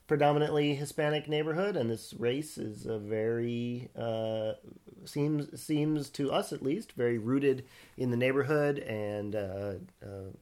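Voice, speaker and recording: Male podcast co-host, slow and halting delivery, lots of filler pauses. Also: medium pitch, darkish tone. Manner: hesitant, many filler pauses. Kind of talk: casual podcast chat.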